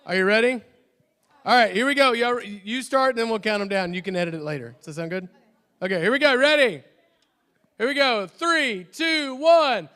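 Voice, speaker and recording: A high, bright-voiced man leading a youth service, chatty and prone to restarts. His words ring out with a long reverb from a large church hall. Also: lively intonation, fairly quick. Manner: chatty, restarts often, jokes self-deprecatingly. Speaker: youth pastor. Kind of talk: youth service announcements and prayer.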